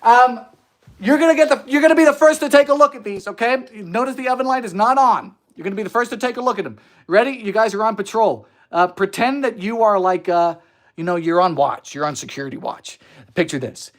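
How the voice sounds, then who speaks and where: A man's voice: sits high, fairly quick. A man hosting a baking livestream in a home kitchen, chatting casually in a goofy, giggly way while reading out viewer comments.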